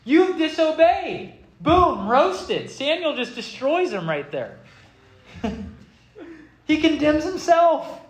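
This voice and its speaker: A high-voiced male pastor delivering a lively, theatrical sermon, laughing as he retells scripture. His voice rings in an echoey room. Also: slow, long pauses.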